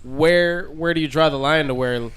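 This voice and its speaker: A man's voice: a little high, normal speed, fairly bright tone, clear, resonant tone. A man hosting a casual interview, asking loose questions with a laid-back, profane manner. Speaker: podcast host.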